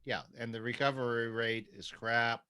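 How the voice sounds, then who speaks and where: A middle-aged man talking casually on a podcast, his voice bright and forward. He gets lively and loud in his stories and swears without a second thought. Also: normal speed. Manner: animated storyteller, swears freely, jumps to high pitch when quoting others. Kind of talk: casual chat.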